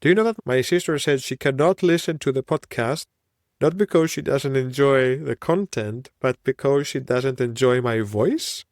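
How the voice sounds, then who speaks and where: A man's voice: medium pitch, normal speed, no echo, studio quality. Greek-accented man musing on his podcast. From Greece. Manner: reflective, musing, wandering train of thought. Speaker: podcast host. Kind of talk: solo podcast monologue.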